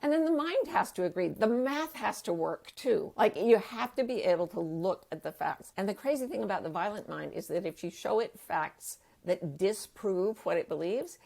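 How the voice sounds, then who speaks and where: A woman's voice: medium pitch, lively intonation, moderate pace, vocal fry, few pauses, a little mellow. A middle-aged woman, a life coach guest on an interview show, speaking with impassioned emphasis in bursts. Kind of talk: conversational interview.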